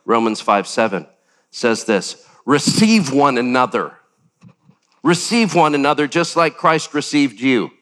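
An older man preaching a sermon as pastor, animated, with sudden jumps up in pitch and acted-out quotes. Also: measured pace.

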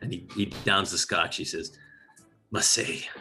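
A man's voice: low voice, level tone, a little fast, pushed and bright, faint music behind. A man hosting a podcast, chatting casually about a movie and retelling its scenes. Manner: retells scenes and quotes lines. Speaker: podcast host.

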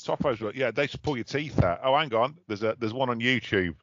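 A man's voice: mid-range voice, quick pace, a bit bright, no echo. A man, co-hosting a casual podcast chat, chatty and often breaking off to look things up. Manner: chatty, looks things up while talking, self-interrupting. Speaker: podcast co-host. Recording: dull lo-fi dry recording.

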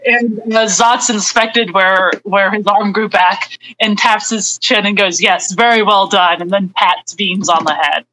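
A woman player in a tabletop game, calmly describing her character's actions in third person. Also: medium pitch, measured pace, a little hiss or hum, poor audio. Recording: keyboard clicks behind.

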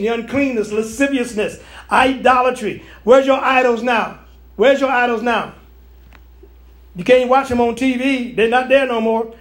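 A man, a pastor, preaching a prophetic sermon to online viewers, repeating and restarting phrases as he goes. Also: extremely high pitch. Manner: preachy, repetitive, stammering restarts.

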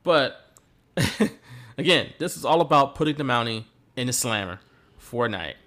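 A man's voice: mid-range voice, expressive, moderate pace, fairly bright tone. A man hosting a podcast who tells stories animatedly and laughs often. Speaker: podcast host. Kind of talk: casual chat recapping wrestling.

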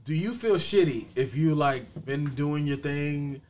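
Animated, crude man with a lively voice. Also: fairly high pitch, measured pace, a little hiss or hum. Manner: loud, crude, animated, laughing. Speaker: podcast guest. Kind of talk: casual chat.

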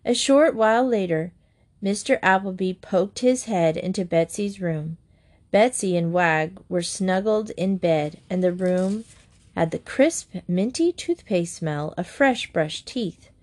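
A woman narrating a children's chapter book aloud in a gentle, steady manner. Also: fairly low pitch, a little slow. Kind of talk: storybook reading aloud.

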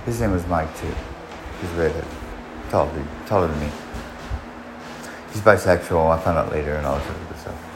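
A man's voice: very deep voice, normal speed, pauses often, roomy sound, background noise. A man casually telling a personal story in a rambling way, restarting often and swearing. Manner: rambling, frequent restarts and profanity.

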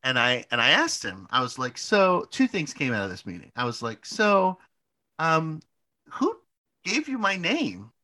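Lively, bright-voiced young man telling a story. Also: fairly high pitch, a little slow. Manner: animated, frequent restarts and "like" fillers, casual swearing. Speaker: podcast co-host. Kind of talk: casual storytelling chat.

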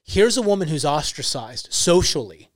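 A young man talks earnestly on a faith podcast, stressing his points and leaning on casual fillers. His voice sits a little high. The sound is dry and close to the mic. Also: big pitch swings, moderate pace, dry recording. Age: young adult. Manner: earnest, emphatic storytelling with many "like" fillers. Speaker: podcast guest, ministry founder.

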